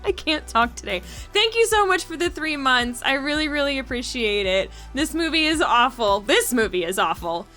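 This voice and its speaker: Woman streaming, high lively voice, talks slow and bright, laughs a lot, faint music behind. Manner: animated and laughing, chatting with viewers. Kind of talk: casual live-stream commentary.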